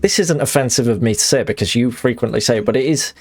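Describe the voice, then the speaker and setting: A man's voice: mid-range voice, quick pace, darkish tone, husky, soft background music. A young man streaming a game live and chatting as he plays, rambling and self-mocking with many restarts.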